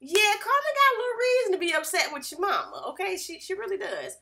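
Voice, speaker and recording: A young woman casually recapping a reality TV episode in a chatty, gossipy, animated way. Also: very high-pitched, fast.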